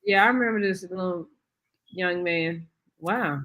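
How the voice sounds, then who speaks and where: A woman's voice: on the low side, unhurried, fairly bright tone. A woman joining a casual talk-show conversation with reflective remarks.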